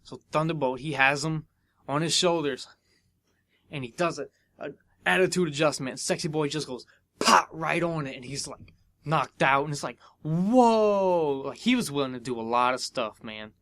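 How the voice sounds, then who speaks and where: A young American man hosts a podcast and tells a long casual story. His voice sits fairly high, and he jumps up in pitch when he acts out what people said. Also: moderate pace, no echo. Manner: animated, acts out dialogue with big pitch jumps. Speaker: podcast host.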